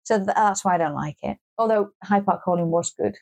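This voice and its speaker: A woman's voice: on the low side, a little fast, darkish tone. A woman co-hosting a podcast in casual chat, wry and grumbling, with lots of restarts and swearing. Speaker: podcast co-host.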